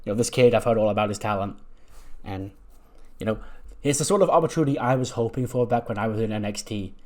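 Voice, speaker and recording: A man's voice: on the low side, fast, a little mellow, natural voice. A man voicing a seasoned male wrestler who talks in a casual, offhand way, in his own plain voice. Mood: eager.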